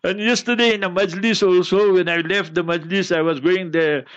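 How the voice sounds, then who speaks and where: A man's voice: high voice, fairly even intonation, normal speed, dull audio. A man, a mufti answering listener questions on a religious call-in show, preaching with jokes and repeating his points. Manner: preachy, joking, keeps repeating "you must remember". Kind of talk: religious Q&A broadcast.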